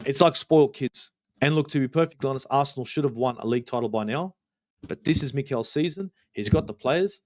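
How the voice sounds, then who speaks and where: A man's voice: mid-range voice, fairly quick. Profane, fired-up Australian man ranting. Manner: blunt, profane, worked-up. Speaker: co-host. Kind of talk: heated fan rant.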